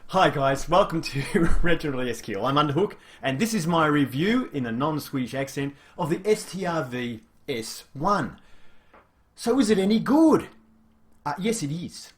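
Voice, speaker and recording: A man's voice: a little high, expressive, normal speed, few pauses, fairly bright tone. A man hosting a casual game review, chatty and explanatory, with frequent fillers.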